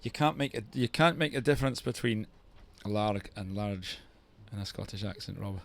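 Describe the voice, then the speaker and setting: A man's voice: medium pitch, expressive, brisk, gravelly, fairly bright tone. A man commentating live on a surfing contest, mixing play-by-play calls with chatty, teasing banter.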